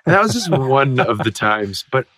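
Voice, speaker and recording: A man chats as an interview guest, a stage actor spinning a backstage anecdote with bursts of giggles and playful acted-out quotes. He sits at an ordinary middle pitch, and the recording is dry and close, with no room sound around him. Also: moderate pace, no room sound. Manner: animated, giggly storyteller who acts out quotes. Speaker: musical theatre actor as guest. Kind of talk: casual anecdote telling.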